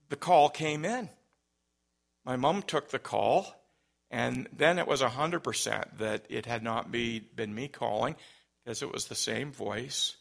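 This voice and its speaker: A middle-aged man telling a personal story in an unhurried anecdotal way. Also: on the high side, gravelly, pushed and bright.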